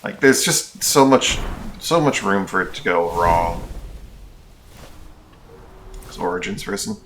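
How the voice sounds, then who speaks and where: A very low-voiced man talks over his gameplay in a loose, rambling way, often restarting his thoughts. His tone is bright and forceful despite the depth, and faint noise with clicks sits behind him. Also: sing-song, takes it slowly, creaky, long pauses. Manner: rambling, thinks aloud with restarts and asides. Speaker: streamer. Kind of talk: casual gameplay commentary.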